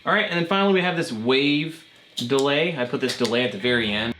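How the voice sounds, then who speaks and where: Relaxed male gear-channel host, roomy sound. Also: mid-range voice, fast talker. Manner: relaxed, chatty, with fillers. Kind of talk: casual gear demo walkthrough. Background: guitar effects playing between lines.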